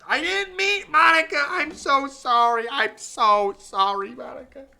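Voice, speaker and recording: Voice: mid-range voice, animated, moderate pace, sharp tone. A streamer reading aloud as a young woman game character, a club president who pleads, accuses and then turns remorseful.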